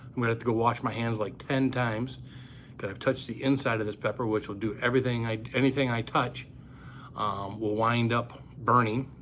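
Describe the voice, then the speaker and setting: Hosting his pepper-eating channel's live stream from an upstairs room, a man chats casually, greets viewers by name, and sounds a little out of breath. His mid-range voice is fairly even and fairly bright at normal speed, caught by a close phone camera with a little hiss or hum.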